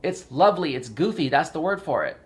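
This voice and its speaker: A man's voice: on the high side, expressive, fairly quick. A man talking casually and rambling at home, repeating himself and laughing often. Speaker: podcast host. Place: indoors in a house.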